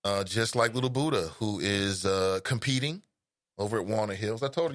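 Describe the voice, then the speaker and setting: This talk show host, a middle-aged man from Cincinnati, Ohio with the accent to match, rambles through a laid-back call-in program with playful remarks aimed at listeners. He speaks at a moderate pace in a lowish, fairly bright voice, captured cleanly in a studio with no echo.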